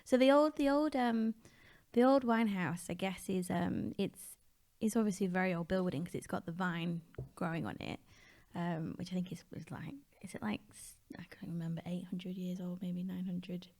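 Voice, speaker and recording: A woman co-hosting a travel podcast, recalling details casually with many fillers and pauses. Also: fairly low pitch, a little mellow. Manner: easygoing, hesitant recollection with many fillers. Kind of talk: casual conversational storytelling.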